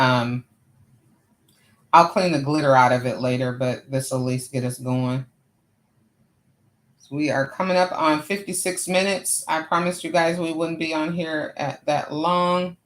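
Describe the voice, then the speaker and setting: A woman's voice: low-pitched, unhurried, long pauses. A woman hosting a live crafting stream, chatting casually with viewers and laughing at herself. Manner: laughs often, talks back to chat, Southern-style "y'all". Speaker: craft livestream host.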